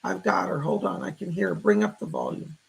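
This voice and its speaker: Gravelly high-voiced man, a bit hoarse. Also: fairly even intonation, brisk, low-quality recording. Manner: warm thanks, relays spirit messages. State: hoarse, voice going. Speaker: psychic medium host. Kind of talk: live psychic readings.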